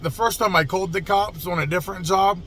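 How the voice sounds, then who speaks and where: A young adult man tells a story to his viewers in a blunt, profane, conversational way. His voice sits high and has a bright, gravelly edge. A faint hiss runs under the recording. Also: fast. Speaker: mobile mechanic and channel host. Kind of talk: casual storytelling to camera.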